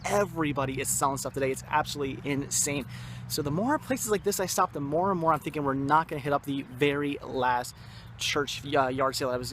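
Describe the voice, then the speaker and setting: A man's voice: on the high side, fairly bright tone, a little hiss or hum. Upbeat rambling man vlogging outdoors. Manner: enthusiastic, repeats "very cool" and "awesome"; rambling, self-correcting. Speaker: vlog host. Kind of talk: casual vlog narration. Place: outdoors at a yard sale and park.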